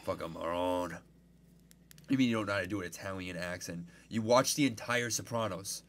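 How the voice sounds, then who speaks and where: A man co-hosting a podcast in crude comedic banter, loud, profane and jokey. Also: on the low side, fast. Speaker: podcast co-host.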